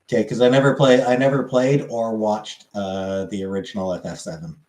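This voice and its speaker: A man chatting casually as a streamer, answering viewer comments in a halting, rambling way with lots of fillers. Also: fairly low pitch, steady tone, a little mellow, roomy sound, low-quality recording.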